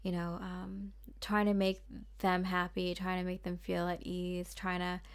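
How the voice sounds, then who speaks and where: A woman's voice: fairly low pitch, completely flat delivery, measured pace, clean tone. A young woman giving a casual tarot reading, rambling and chatty, with lots of fillers and small laughs. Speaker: tarot card reader.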